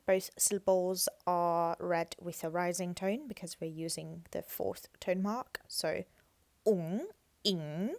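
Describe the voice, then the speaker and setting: A woman teaching Thai tones, explaining slowly and modelling each word in a louder, raised voice. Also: fairly low pitch, dry recording.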